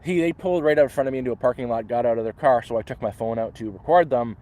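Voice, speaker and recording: A man's voice: medium pitch, racing, dark tone. Man rambling through a story outdoors. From Canada. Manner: rambling, restarts often, acts out voices in quotes. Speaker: livestreamer. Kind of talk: casual live storytelling. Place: outdoors in the woods.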